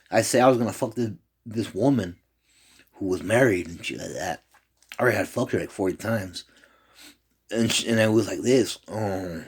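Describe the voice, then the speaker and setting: A man rambling in a loose, profane monologue, jumping from one complaint to the next. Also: mid-range voice.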